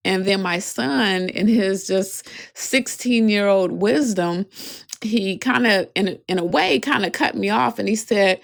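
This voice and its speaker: A woman's voice: medium pitch, unhurried, vocal fry. A woman in her forties hosting her own podcast, telling a personal story in a heartfelt, earnest way, her voice cracking with emotion. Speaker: podcast host. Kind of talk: reflective solo podcast storytelling.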